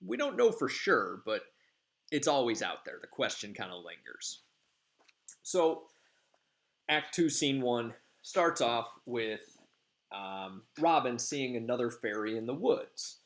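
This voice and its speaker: A man's voice: mid-range voice, very animated, takes it slowly, fairly bright tone. A male teacher giving a casual, rambling class lecture, full of filler ums. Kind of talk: classroom lecture summarizing a play.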